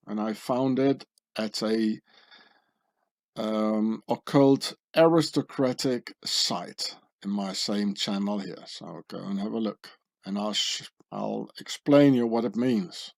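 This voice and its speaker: Speaking in a medium-pitched, darkish voice, a man runs his own channel and talks viewers through on-screen images. His commentary is sardonic and conspiratorial, with remarks regularly tagged by questions.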